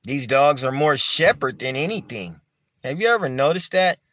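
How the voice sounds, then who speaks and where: Speaking at a normal speed with a medium pitch, this dog breeder sounds animated and slightly bright as he addresses the camera, with no room sound. His casual monologue is conversational, full of rhetorical questions and repeated points.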